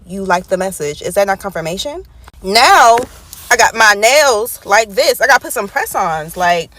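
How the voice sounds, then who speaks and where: A woman's voice: mid-range voice, expressive, moderate pace, a bit bright, a little hiss or hum. A woman venting in a casual complaint vlog, exasperated and fed up.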